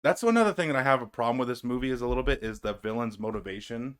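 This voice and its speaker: A man's voice: mid-range voice, rapid-fire, fairly bright tone, smooth. Profane, easygoing man chatting about movies. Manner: loose, profane, laughs easily. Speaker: host. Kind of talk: casual movie discussion chat.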